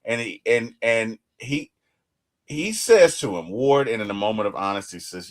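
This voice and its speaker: A man's voice: fairly low pitch, expressive, normal speed, soft background music. A man co-hosting a TV reaction show, talking in a casual, emphatic way and often repeating words as he restarts.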